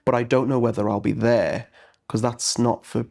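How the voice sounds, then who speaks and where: A man from Merseyside, England, a stage actor guesting on a casual interview, speaks in a mid-range voice that's steady, creaky and a touch mellow. He moves at a moderate pace, earnest and reflective, often restarting his sentences.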